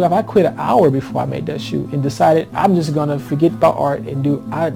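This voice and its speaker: A man's voice: fairly high pitch, brisk, gravelly, hardly any pauses, dark tone, faint music behind. A man, an artist, animatedly telling his story in a documentary interview.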